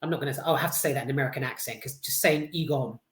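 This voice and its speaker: A woman's voice: a bass voice, racing, roomy sound. A British woman giving a casual, blunt film review, full of swearing, restarts and fillers.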